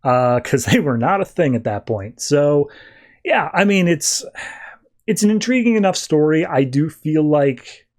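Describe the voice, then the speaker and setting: A man's voice: a little high, expressive. A man hosting a podcast, retelling a comic book issue in casual chat and paraphrasing the characters as he goes. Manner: retells scenes in a quick paraphrase full of "he's like" quotes. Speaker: podcast host.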